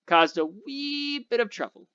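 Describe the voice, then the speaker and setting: A man's voice: very high voice, lively intonation, a little slow, bright, forceful tone, smooth, dry recording, muffled recording, pitched above the performer's own voice, exaggerated voice. A man doing a drawling Southern sniper. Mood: casual report. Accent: American Southern (put on).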